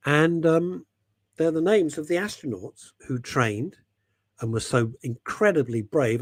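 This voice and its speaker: A man's voice: mid-range voice, slightly rough, no echo. A man from England hosting a radio show, chatting in a jokey, rambling, self-mocking way.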